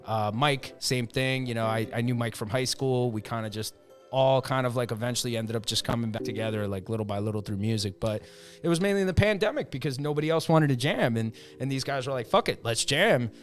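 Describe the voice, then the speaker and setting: North jersey dude rambling on a podcast, says you know a lot, swears, middle voice. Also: male voice, mid-range voice, fast talker, soft background music. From northern New Jersey. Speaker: podcast guest, band member. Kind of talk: casual chat.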